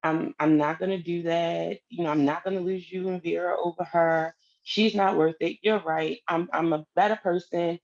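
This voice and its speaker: A woman with a lowish voice tells a personal story casually at a moderate pace, heard through a muffled recording. She's animated, acting out the quoted lines of the people in it.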